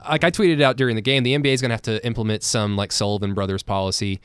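A man's voice: on the low side, steady tone, racing, fairly bright tone, clear, resonant tone, no echo. A man co-hosting a post-game sports podcast in casual, joking chat, recapping plays with fillers and restarts. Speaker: podcast co-host.

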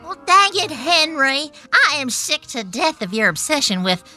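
A woman's voice: sits high, very animated, moderate pace, pushed and bright, faint music behind, full character voice. A woman playing a nagging older retired wife. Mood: scolding. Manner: scolding, wistful.

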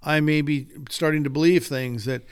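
A man's voice: on the high side, fairly even intonation, normal speed, clear, resonant tone. An older man, a guest author, telling stories in an earnest, preacher-like way during a casual podcast conversation. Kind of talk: casual chat.

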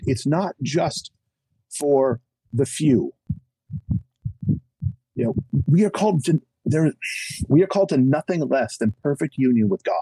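A middle-aged man speaking as a podcast guest, his husky, mellow voice swinging widely in pitch as he preaches with emphasis. He pokes fun at himself along the way. The sound is close and dry. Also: no echo, rough recording. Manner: self-deprecating humor. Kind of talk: animated conversational testimony.

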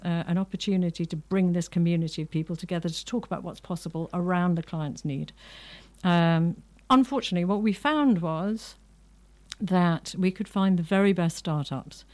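A woman's voice: lowish voice, a little mellow. A middle-aged woman, a podcast guest, reflecting earnestly on her work in casual conversation.

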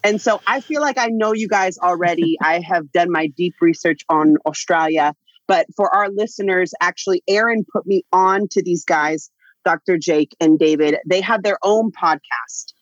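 A woman's voice: lowish voice, moderate pace, no room sound. Bubbly woman podcast host. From United States. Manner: bubbly, playful, laughing. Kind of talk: casual podcast chat. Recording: dull, dry lo-fi sound.

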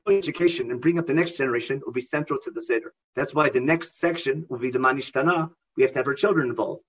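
A man's voice: on the high side, slightly rough, lo-fi sound. A man teaching a Bible class who reads out Hebrew verses and then explains them with emphasis. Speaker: Torah teacher.

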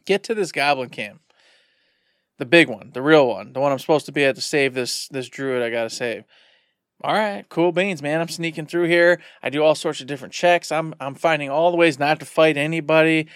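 Animated man with a smooth voice. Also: a little high, brisk, dry recording, clean studio sound. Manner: animated, rambling retelling with filler words. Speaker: podcast co-host. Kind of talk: casual storytelling.

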